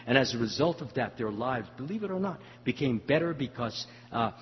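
An older man giving a devotional talk, telling a story in a halting way with many fillers. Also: mid-range voice, animated. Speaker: spiritual teacher. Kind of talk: devotional talk answering questions. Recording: muffled hall recording with faint hum.

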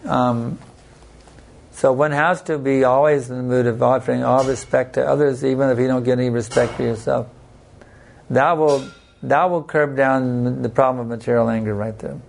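Gravelly-voiced man teaching a scripture class. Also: mid-range voice, steady tone. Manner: unhurried, plain-spoken, tells personal stories. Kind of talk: devotional scripture class talk.

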